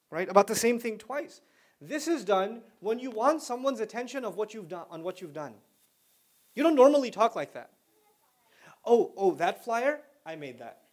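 A man giving a religious talk to a young audience, telling stories with big swings from quiet to loud and asking listeners questions. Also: very high voice. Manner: animated storyteller with wide swings in loudness; conversational, asks listeners questions. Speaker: Islamic lecturer.

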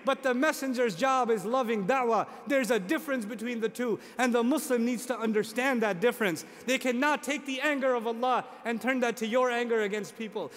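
A man's voice: very high voice, a bit bright. A man preaching a sermon to an audience, emphatic, repeating key phrases, asking rhetorical questions and making joking asides. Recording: long hall reverb.

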